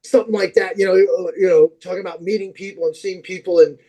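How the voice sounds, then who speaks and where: A man who is a podcast guest, telling long, animated anecdotes in casual chat, with plenty of fillers and restarts. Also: sits high, fast talker, poor audio.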